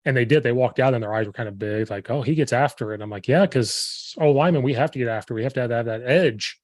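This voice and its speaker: A man hosting a podcast as a football coach, telling stories with lively acted-out quotes. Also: mid-range voice, fast, no room sound. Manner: animated storytelling, acting out quoted players and himself. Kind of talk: casual chat.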